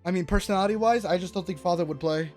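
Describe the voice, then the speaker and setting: A young male host with a fairly high voice for a man chats loosely about a game, stumbling and restarting as he goes. Faint music plays under his voice. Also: very fast, darkish tone. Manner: loose and rambling, with restarts and casual swearing. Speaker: gaming YouTuber host. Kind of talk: casual chat.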